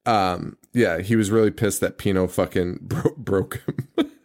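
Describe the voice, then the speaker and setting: A male podcast co-host retells a movie in loose, casual chat. He laughs through his sentences, swears freely, and slips into quick impressions of the characters. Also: deep voice, darkish tone. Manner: laughs often, swears, acts out quotes.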